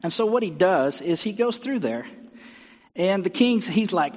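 A man's voice: sits high, animated, a little slow. A man preaching a sermon, retelling a story animatedly with rhetorical questions. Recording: dull sound with long hall reverb.

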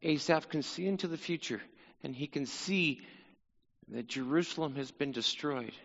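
A man's voice: fairly high pitch, normal speed, gravelly, a bit bright, long reverb tail, dull audio. A man teaching through a psalm in sermon style, earnest, repeating phrases and voicing the psalmist's cry. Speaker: Bible teacher.

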